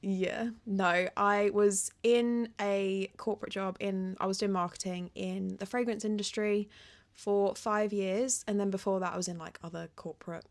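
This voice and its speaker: A woman's voice: mid-range voice, fairly even intonation, moderate pace. A young woman co-hosting a podcast in casual chat, easygoing with a dry, teasing humour. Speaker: podcast co-host.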